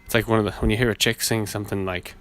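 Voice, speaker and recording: Laid-back man with a low voice. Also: level tone, racing, a bit bright, smooth, soft background music. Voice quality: naturally low voice. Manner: rambling, laid-back, swears often. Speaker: podcast host. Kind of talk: casual solo podcast monologue. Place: outdoors in a city, weed whacker nearby.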